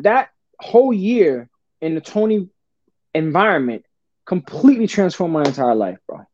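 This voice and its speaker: Animated storytelling man, dark lo-fi sound. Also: fairly high pitch, no echo. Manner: animated, calls the host brother and bro. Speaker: podcast guest. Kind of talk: casual storytelling. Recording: dull, dry lo-fi sound.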